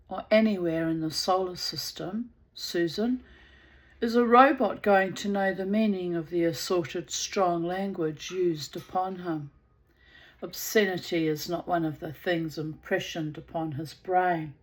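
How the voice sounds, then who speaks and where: A woman's voice: lowish voice, a little slow. Woman reading as an exasperated man scientist. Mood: incredulous. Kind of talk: audiobook character reading.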